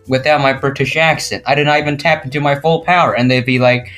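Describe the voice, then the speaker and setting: A teenage boy co-hosting a casual podcast, telling a school story in an animated way and mimicking his classmates. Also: mid-range voice, fast, hardly any pauses, soft background music. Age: teens. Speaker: podcast co-host. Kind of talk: casual chat.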